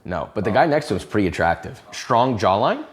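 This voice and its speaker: A man co-hosting a comic reaction chat, incredulous and quick to laugh. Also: lowish voice, sing-song. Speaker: co-host.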